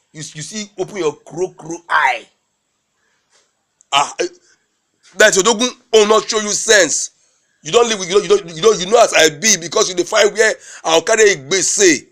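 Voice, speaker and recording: A man playing an exasperated husband in a comedy skit, mocking his wife in Warri Nigerian Pidgin and hammering phrases with drawn-out emphasis. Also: high-pitched, a bit bright. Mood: ranting.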